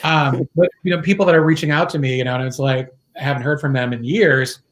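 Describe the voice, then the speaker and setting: A man's voice: medium pitch, quick pace. A man at home, a small business owner, chatting casually as a podcast guest and laughing easily. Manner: relaxed, conversational, laughs often. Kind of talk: casual video podcast chat. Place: home, with his dogs.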